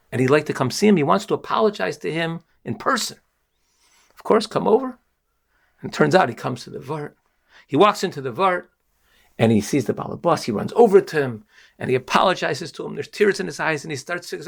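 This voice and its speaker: Gravelly man giving an earnest Torah lesson. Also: fairly high pitch, fairly quick. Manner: earnest, emphatic, lively storytelling. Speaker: rabbi.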